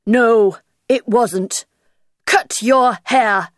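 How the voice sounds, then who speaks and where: A woman voicing a whimsical, rude male hatter at a tea party, speaking slowly and emphatically in a storybook reading. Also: sits high, expressive, a bit bright, no echo, clean studio sound, exaggerated voice. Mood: bossy.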